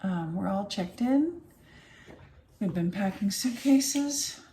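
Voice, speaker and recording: A woman's voice: mid-range voice, expressive, slow, mellow, slight background noise. A tired middle-aged woman chatting casually in an emptied home office, emotional and full of fillers. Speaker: vlogger. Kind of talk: casual vlog chat.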